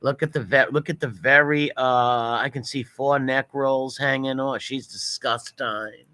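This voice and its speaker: A man's voice: mid-range voice, fairly even intonation, unhurried, bright, forceful tone, slight background noise. A man giving profane, mocking reaction commentary over video clips. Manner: mocking, profane, running insults.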